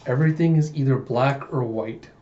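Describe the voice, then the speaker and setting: A man voicing a calm, thoughtful woman in a manga readthrough, speaking quietly in his plain voice. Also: mid-range voice, moderate pace, close to an everyday voice. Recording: muffled, roomy home recording.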